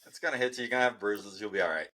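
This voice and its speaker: Laid-back, bright-voiced podcast co-host man. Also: lowish voice, rapid-fire, slight background noise, low-quality recording. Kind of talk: casual chat.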